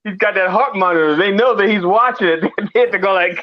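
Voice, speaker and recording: A man's voice: high-pitched, fairly quick, few pauses. A male comedian on a talk show, teasing and laughing as he chats. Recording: dull, muffled sound.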